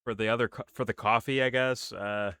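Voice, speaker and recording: A man's voice: on the low side, steady tone, fairly quick, pushed and bright, smooth, no echo. A man co-hosting a reaction show, tossing out sarcastic, mumbled asides. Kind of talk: casual reaction commentary.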